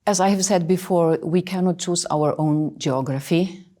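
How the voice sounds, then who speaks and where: A woman in her sixties answering interview questions earnestly, emphatic and often pausing with fillers. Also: lowish voice, mellow. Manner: emphatic, hesitant with many fillers. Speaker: interviewed official.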